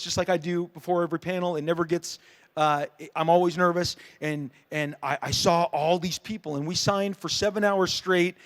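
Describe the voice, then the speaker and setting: Middle-aged man, high voice, rambling panel storytelling, fillers and restarts, acts out quotes. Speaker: comic creator on a convention panel. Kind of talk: casual storytelling to a crowd.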